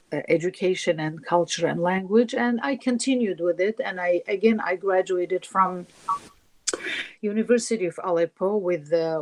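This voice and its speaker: A woman from Syria telling stories from her life as an interview guest, animated and acting out quoted voices. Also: fairly low pitch, rough recording. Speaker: singer and guest. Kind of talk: casual interview storytelling.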